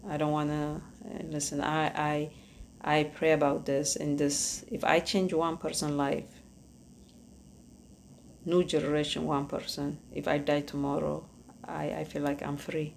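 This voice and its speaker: A woman with an Ethiopian accent, a podcast host giving earnest personal testimony, halting and searching for words. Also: sits low, level tone, gravelly, slight background noise.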